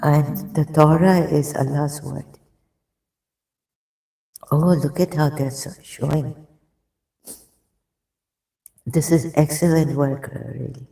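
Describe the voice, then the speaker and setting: A man's voice: on the high side, a little slow, gravelly, long pauses. A man on a live stream reading religious passages aloud and reacting, breaking off to apologize and cough, short of breath. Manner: excitable, reads passages aloud, frequent apologies and restarts. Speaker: streamer discussing religious texts. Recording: roomy echo, off-mic.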